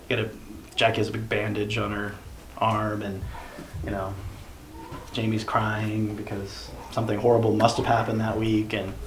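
A man's voice: on the low side, fairly bright tone. A man leading a church small group in a casual teaching discussion, rambling with many fillers and self-corrections. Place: basement meeting room. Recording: roomy echo, faint background noise.

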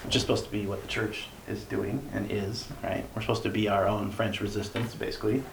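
A man's voice: lowish voice, flat delivery, a little fast, creaky. A man leading a church small group in a casual teaching discussion, rambling with many fillers and self-corrections. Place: basement meeting room. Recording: roomy echo, faint background noise.

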